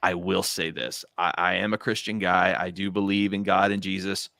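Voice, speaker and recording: A man's voice: low-pitched, flat delivery, normal speed, creaky, sharp tone, dry recording. A man co-hosting a casual talk show, ranting with animation and repeating himself for emphasis. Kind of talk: casual panel chat.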